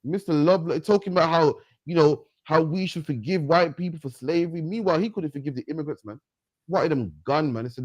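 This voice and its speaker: A man's voice: on the high side, fast talker, no echo. A man preaching in an emphatic rant on a livestream, ending his lines with "man". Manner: emphatic, repeats "man" at line ends. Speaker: street preacher and host.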